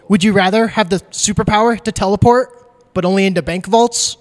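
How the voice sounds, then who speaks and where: A man's voice: high voice, fairly quick, faint music behind. A man hosting a podcast in a casual chat, reading out questions and laughing easily. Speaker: podcast host.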